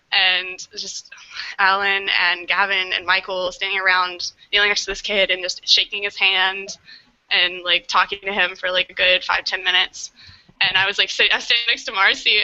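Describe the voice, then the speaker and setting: A woman's voice: medium pitch, little pitch movement, normal speed, sharp tone, muffled recording. A woman telling a story in a casual podcast chat, full of "like" and quoted speech. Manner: chatty storyteller, many "like"s, quotes others. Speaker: volunteer guardian recounting a story.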